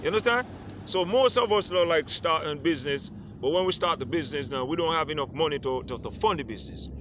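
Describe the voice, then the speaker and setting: Guy from the islands vlogging on the street, kinda high voice, keeps going "you understand?". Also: fast, fairly bright tone. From Caribbean island. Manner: repeats "you understand?" often. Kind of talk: casual monologue to camera. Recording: faint street noise outdoors.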